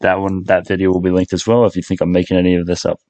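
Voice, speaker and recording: A man with a very low voice rambles through casual commentary on stocks. He is full of fillers and keeps breaking off his own sentences. The sound is close and dry. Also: completely flat delivery, racing, a little mellow, dry recording. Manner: rambling, filler-heavy, self-interrupting. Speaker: stock market YouTuber.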